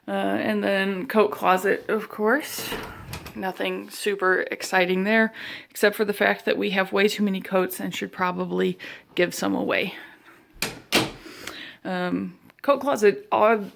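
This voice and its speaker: A woman's voice: medium pitch, gravelly, a little hiss or hum. A young woman walking through her own house, chatting casually with self-deprecating asides and a little out of breath. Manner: walking while talking, a bit out of breath. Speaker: vlogger giving a home tour. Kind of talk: casual walkthrough narration. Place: inside her own house, moving room to room.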